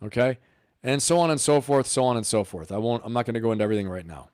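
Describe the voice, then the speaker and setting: A man's voice: mid-range voice, rapid-fire, a little mellow, no room sound. Male live-stream host, emphatic and riffing, dry close sound. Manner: emphatic, riffing, full of rhetorical questions. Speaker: political commentary host.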